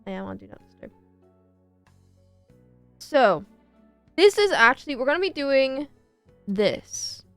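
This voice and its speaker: Brief: lively young female streamer, high-ish smooth voice, faint music behind. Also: slow pace, long pauses, no room sound. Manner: bubbly, chatty, playful. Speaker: streamer and artist. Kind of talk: casual stream chat.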